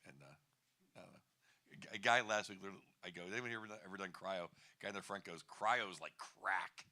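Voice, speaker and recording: A man's voice: deep voice, very fast, pushed and bright. A man in his fifties doing a stand-up comedy set on a bar stage, wry and rambling, chuckling at his own jokes.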